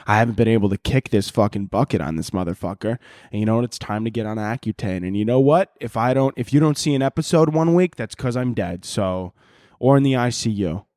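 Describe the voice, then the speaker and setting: A man's voice: lowish voice, fairly quick, darkish tone, no echo. Chatty young man, close and dry. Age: 20s. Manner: rambling and profane, heavy on fillers, laughing at his own jokes. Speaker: podcast host. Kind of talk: casual solo podcast chat.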